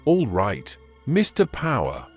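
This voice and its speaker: A man's voice: medium pitch, wildly swooping pitch, slow, a little mellow, soft background music, full character voice. A man voicing a suspicious young constable who asks his questions with authority. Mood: stern.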